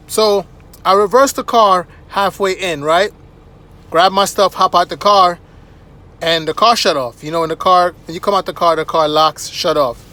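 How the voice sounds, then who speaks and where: A man vlogger telling anecdotes in an animated, chatty way, often checking in with "right?". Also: high voice, normal speed. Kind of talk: casual anecdotal storytelling.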